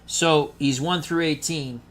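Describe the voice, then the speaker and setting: A man's voice: a little high, measured pace, slight background noise. A man doing chatty play-by-play for a tabletop baseball dice game, talking to viewers in chat between rolls. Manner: chatty, excitable, rhymes and asides to chat viewers.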